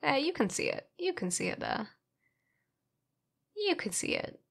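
A woman's voice: high-pitched, sing-song, measured pace, gravelly, fairly bright tone. A woman narrating her painting in a casual voice-over, playful and self-mocking, sleepy from having just woken up.

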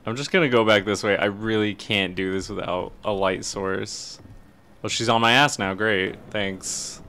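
A man's voice: lowish voice, a little slow, sharp tone, clear, resonant tone. A man streaming a horror game live, commentating and swearing, yelping when startled.

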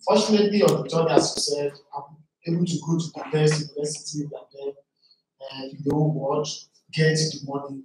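A man's voice: fairly high pitch, fairly even intonation, brisk, noisy background. Man telling his story in an echoey hall. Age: 40s. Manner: earnest storytelling, preacher-like. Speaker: panel guest. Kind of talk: testimony at a live panel. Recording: very echoey hall, mic far off.

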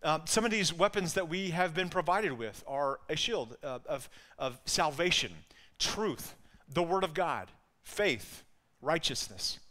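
A man's voice: a little high, expressive, measured pace, sharp tone. A man with an Alabama accent preaching a sermon in an earnest way, often repeating words as he builds a point. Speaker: pastor.

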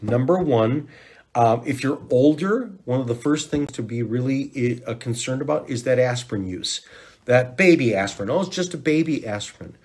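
A man hosting a natural health podcast in casual, rambling talk, dropping to hushed counting when guiding breathing. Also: mid-range voice, normal speed, breathy edge. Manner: rambling and conversational, with hushed counting and shushing during breathing guidance.

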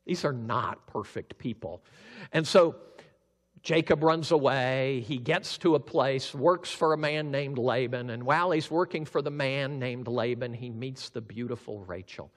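Pastor, sermon storyteller, slow and animated, long hall echo. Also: male voice, medium pitch. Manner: animated, acts out characters.

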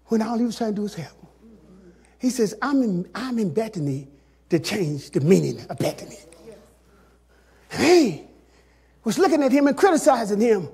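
Husky high-voiced preaching man. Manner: preaching with call-and-response, swings from loud shouts to hushed tones. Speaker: pastor. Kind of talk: sermon.

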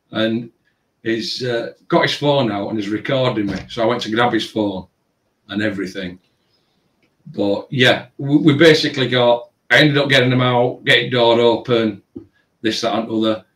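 A man's voice: medium pitch, moderate pace, recorded from a distance. Rambling man, roomy sound. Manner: rambling, animated retelling with filler phrases. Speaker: tattoo shop owner. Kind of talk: casual storytelling. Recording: roomy, from away from the mic.

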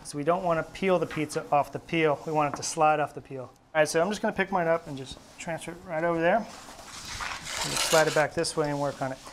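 A man working as a test cook, giving a steady, step-by-step cooking demonstration in a test kitchen studio. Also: on the high side, brisk, noisy background. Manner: steady, instructive, explaining each step.

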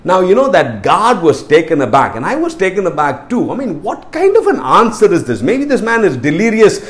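A male pastor delivers a sermon, stacking repeated phrases as he builds. His pitch is lively and sits fairly high for a man. He speaks with strong, rising emphasis. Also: fairly quick. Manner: emphatic, repetitive, building in intensity.

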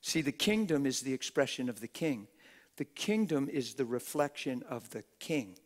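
This man speaks at a normal pace with a medium-pitched, lively voice. Preaching live at a church gathering, he keeps it conversational, fires off rhetorical questions to the crowd, and acts out the voices of the people he cites.

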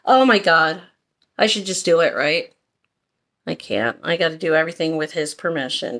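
A woman's voice: deep voice, animated, moderate pace, fairly bright tone. A woman vlogger chatting casually and rambling through a shopping haul, often drifting off on tangents. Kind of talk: casual chat.

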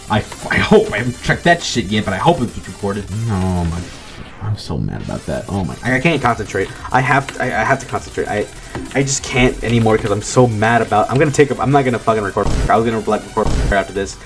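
A man's voice: lowish voice, expressive, a little fast. A man giving casual gameplay commentary, frustrated, swearing, and talking himself down. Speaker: gaming video creator. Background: faint game music.

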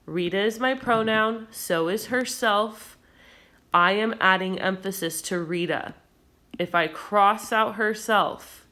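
A woman teacher explaining a recorded grammar lesson patiently and clearly, with occasional fillers. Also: medium pitch, unhurried, bright, forceful tone.

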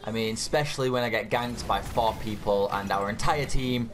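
A man's voice: on the low side, moderate pace, hardly any pauses, a bit bright, a little hiss or hum. A man giving angry, profanity-laden gameplay commentary as a YouTuber. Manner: angry, swearing, exasperated. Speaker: gaming YouTuber.

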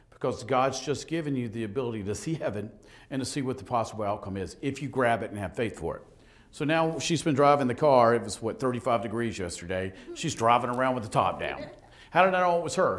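Middle-aged male pastor, animated storyteller, wide pitch swings, joking sermon delivery. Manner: animated, joking, acts out conversations. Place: church sanctuary.

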